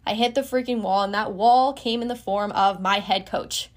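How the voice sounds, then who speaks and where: A woman's voice: mid-range voice, moderate pace. A woman in her twenties frankly telling a personal story as a podcast host, casual and swearing freely.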